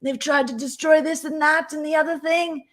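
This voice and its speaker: A woman's voice: high-pitched, fairly even intonation, normal speed, a bit bright, pitched above the performer's own voice. A woman voicing a pompous, self-pitying male internet troll in a theatrical, grandiose, whiny way. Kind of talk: mocking impression in casual chat.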